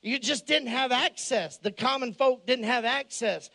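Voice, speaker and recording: A man preaching a humorous storytelling sermon, animated and joking, shouting some lines for emphasis. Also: very high-pitched, measured pace. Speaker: pastor.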